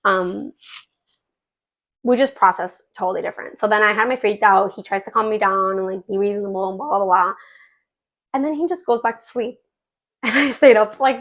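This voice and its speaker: A woman in her thirties hosting a podcast, telling a personal story in a chatty, emotional way, with lots of fillers. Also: medium pitch. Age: 30s. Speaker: podcast host.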